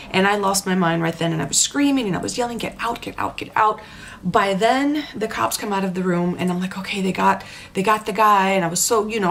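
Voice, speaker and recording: A woman recounting a frightening dream experience in casual personal storytelling, animated and halting, with many restarts and repeated words. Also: medium pitch.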